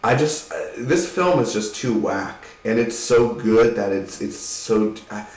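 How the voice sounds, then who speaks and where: A man giving a rambling, casual spoken film review, swearing now and then and acting out scenes in quick voices. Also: on the low side, darkish tone, roomy sound, recorded from a distance, poor audio.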